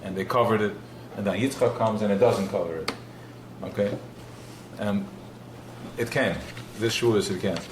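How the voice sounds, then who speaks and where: A man's voice: on the low side, steady tone, moderate pace, long pauses, noisy background. Passionate man teaching in an echoey room. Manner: passionate, repetitive, asks himself questions. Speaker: Chassidic teacher. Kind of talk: live Torah class. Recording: live recording in an echoey room.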